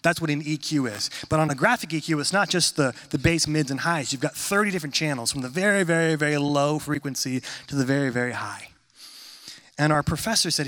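A man in his thirties preaching a sermon in a conversational, animated storytelling manner. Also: a little high, fast. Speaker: pastor.

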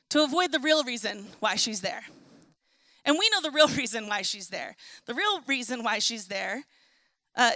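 A young woman with a high, bright voice delivers a sermon as if chatting with her congregation, slipping into lively little voices for the figures in the story. The sound is close and dry, with no room echo. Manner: conversational and animated, acting out Bible figures. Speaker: pastor.

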